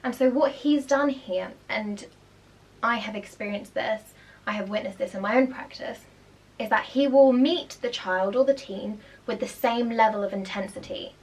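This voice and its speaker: A woman's voice: a little high, moderate pace. A young woman, a primary school teacher chatting casually as she reacts to a school documentary and explains teaching techniques. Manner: chatty, explanatory, animated asides.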